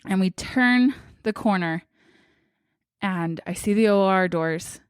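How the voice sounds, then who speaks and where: A young woman tells a personal story straight to her viewers, in a chatty and animated way. She acts out the lines of everyone involved as she goes. Her voice sits at an ordinary middle pitch and is recorded close up, with a dry sound and no room echo. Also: takes it slowly, smooth. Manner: chatty, animated retelling with quoted dialogue. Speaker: vlogger. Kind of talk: casual storytelling to camera.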